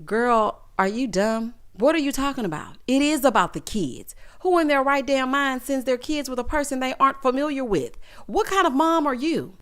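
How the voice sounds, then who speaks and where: A woman recapping a reality show in casual, sassy commentary, acting out the cast's lines. She is just getting over being sick. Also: high voice. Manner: sassy, animated, acts out quotes of cast members. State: recovering from illness. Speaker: recap vlogger.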